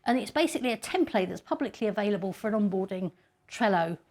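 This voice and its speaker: A woman's voice: mid-range voice, lively intonation, quick pace, darkish tone. Chatty woman giving a talk. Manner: chatty, self-deprecating, laughs often. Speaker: conference speaker. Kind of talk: casual conference talk.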